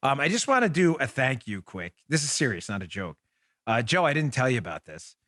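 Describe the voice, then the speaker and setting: A man's voice: medium pitch, big pitch swings, fairly quick, sharp tone, no room sound. A man in his forties hosting a political talk show, riffing in sarcastic mock pleas with lots of restarts, into a studio microphone. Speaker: podcast host.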